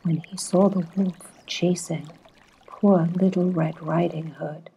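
A woman narrating a bedtime fairytale, soft and hushed, often dropping to a half-whisper. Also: lowish voice, breathy edge. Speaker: storyteller.

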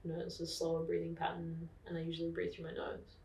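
An Australian woman explaining things calmly in a casual interview, with frequent fillers. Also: lowish voice, quick pace, vocal fry, slight background noise. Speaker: podcast guest. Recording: roomy, distant mic.

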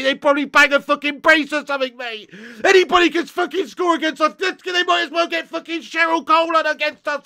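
Sweary high-pitched football fan ranting. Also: male voice, vocal fry, no echo. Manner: angry, sweary, loud ranting. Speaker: football fan livestream host. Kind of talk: ranting live match watch-along.

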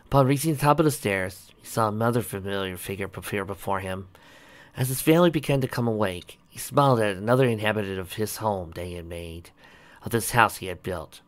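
A man with a fairly low voice reads a story aloud. His reading is plain and a little uneven, and he stumbles over a word now and then. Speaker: reader.

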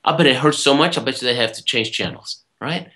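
A man telling a personal story as a motivational speaker, emphatic and animated, often checking in with "right?". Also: mid-range voice, fast talker. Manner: punctuates points with "right?"; emphatic, swings loud and soft.

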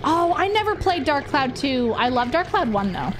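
A woman's voice: sits high, sing-song, moderate pace, background noise. A woman streamer casually chatting through a horror game, talking to her viewers and swearing freely. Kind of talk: casual live gameplay commentary with swearing.

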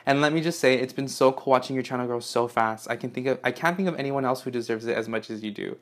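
A young man unboxing fan mail in an excited, gushing vlog, swearing often and gasping as he reads letters aloud. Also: mid-range voice, quick pace. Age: young adult. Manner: gushing, swears a lot, gasps and squeals.

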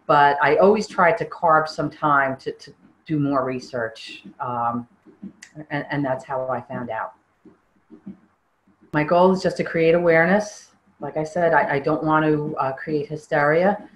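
Earnest woman with a low voice. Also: poor audio. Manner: earnest, halting, with frequent restarts. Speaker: interviewee. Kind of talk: personal testimony interview.

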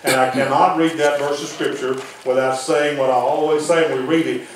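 A man preaching a folksy sermon as pastor, dropping his voice low to press a point. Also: fairly even intonation, brisk. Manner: folksy preaching, drops to near-whisper for emphasis. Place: church hall. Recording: very echoey room from far off, faint noise.

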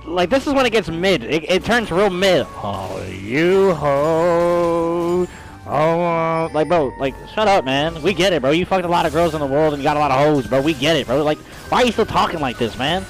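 A young man streaming a video game, commenting live with profane, hyped chatter and sudden bursts of yelling. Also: fairly high pitch, expressive, a little fast, few pauses, poor audio. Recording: loud game music behind voice. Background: game music.

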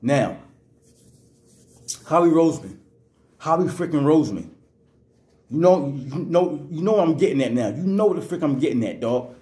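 A man's voice: a little high, animated, moderate pace, pauses often, dark tone, reverberant. Angry man ranting about football. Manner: angry, repetitive, slangy. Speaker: sports vlogger. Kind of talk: fired-up sports rant.

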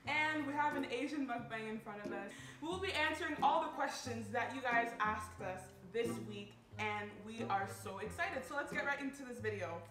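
Chatty young female host, bright high voice, roomy sound, music behind. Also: normal speed, hardly any pauses. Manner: upbeat, chatty. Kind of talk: casual chat. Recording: echoey room with loud music.

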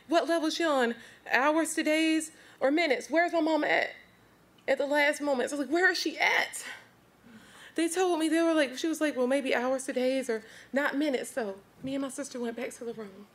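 A woman with a high voice gives an emotional testimony before a church congregation. She talks to them directly, earnest and heartfelt throughout. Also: gravelly. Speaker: church member giving testimony.

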